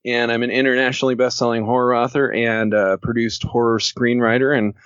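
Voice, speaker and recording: A man's voice: mid-range voice, flat delivery, fairly quick, a bit bright, smooth, no room sound. A man talking casually as a podcast guest, joking and rambling and laughing often. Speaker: podcast guest, horror author. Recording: dull lo-fi podcast audio.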